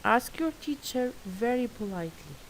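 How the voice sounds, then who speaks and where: A woman's voice: fairly high pitch, lively intonation, low-quality recording. A woman teaching a grammar lesson to girls, patient and praising as she reads workbook answers. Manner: patient, praising, careful and slow. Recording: faint hiss.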